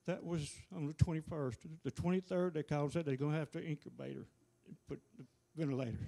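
A man giving a halting, plainspoken personal testimony to a church. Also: on the high side, fairly even intonation, gravelly, dark tone.

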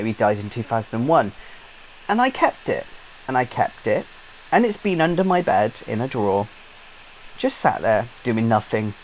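A British man in a middle-pitched voice chats through a rambling update, full of fillers, restarts and casual swearing. A faint hiss of noise sits under the recording. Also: darkish tone, poor audio. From Britain. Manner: chatty and swears freely, with many fillers and restarts. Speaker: YouTube gamer.

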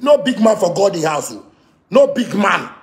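A man with a Ghanaian Pidgin English accent delivering a heated, repetitive rant that swings from shouting to muttering. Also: sits high, very animated, normal speed, echoey room. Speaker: musician ranting to camera. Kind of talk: angry rant.

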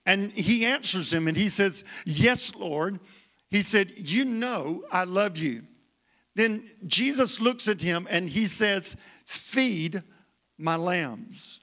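As a guest speaker in a church sanctuary, a man preaches a sermon slowly, with a high, sharp voice and lively intonation. He repeats himself for emphasis and calls out to the congregation for responses.

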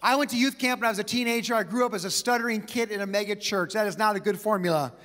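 A man preaching a sermon to a church, telling personal stories with quick asides and light laughter. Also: sits high, pushed and bright. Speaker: pastor. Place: church auditorium with long reverb. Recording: reverberant church hall.

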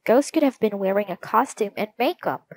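A woman's voice: mid-range voice, expressive, moderate pace, darkish tone, natural voice. A woman voicing a curious young boy detective in a storybook reading, in a plain, inquisitive voice.

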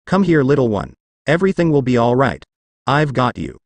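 A man voicing a calm, gentle, all-powerful grown man in a fan fiction audio story, speaking softly and soothingly. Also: medium pitch, normal speed, dry recording. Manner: soft-spoken and soothing.

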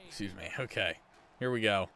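A man's voice: lowish voice, brisk, sharp tone. A young man commentating as he plays a hockey video game, reacting to each play with groans, sighs and cheers. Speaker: gaming YouTuber. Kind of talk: live gameplay commentary.

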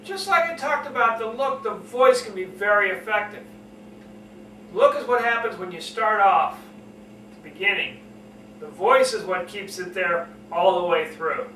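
A man teaching public speaking, earnestly repeating key points and showing how to lower and slow his voice. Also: bright, forceful tone, echoey room, distant mic, a little hiss or hum, rough recording. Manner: earnest, repetitive, demonstrates lowering and slowing his voice. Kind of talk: spoken lesson to camera.

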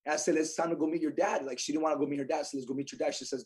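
A man tells stories at a rapid clip in a slightly husky, fairly high voice. He swings between hushed, somber stretches and loud, emphatic bursts. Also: steady tone. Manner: fast, emphatic, swings between quiet sorrow and loud energy. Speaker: podcast guest, insurance agent. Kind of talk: animated storytelling.

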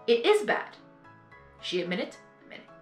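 A woman's voice: on the high side, very animated, moderate pace. A woman reacting live to an audio drama, ranting earnestly and rambling, and often apologizing for going on. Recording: echoey room, faint music behind.

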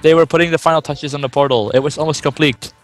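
A man's voice: fairly high pitch, steady tone, quick pace, soft background music. Young man amused reading fan fiction aloud. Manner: amused, laughing asides and comments. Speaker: reader.

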